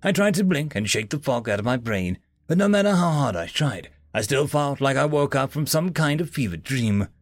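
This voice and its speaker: A man narrating a story in the first person in an expressive, dramatic way. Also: mid-range voice, normal speed, hardly any pauses, no echo, clean studio sound. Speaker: audiobook narrator.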